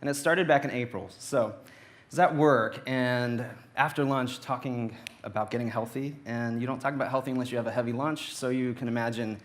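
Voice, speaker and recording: A man's voice: medium pitch, fairly quick. Man telling a funny church testimony. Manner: playful, anecdotal, acts out quotes. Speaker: church speaker. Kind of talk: humorous personal testimony on stage. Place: church auditorium.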